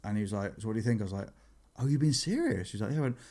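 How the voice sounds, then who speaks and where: Chatty comedian telling anecdotes. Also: male voice, fairly low pitch, racing. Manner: animated storytelling, acts out quotes. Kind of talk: casual podcast chat.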